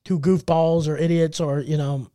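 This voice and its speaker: High-voiced man telling a rambling comic story. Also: level tone, normal speed, mellow, dry recording, clean studio sound. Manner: rambling storyteller, laughs often, acts out quotes. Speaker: podcast co-host and stand-up comedian. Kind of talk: casual comedic podcast chat.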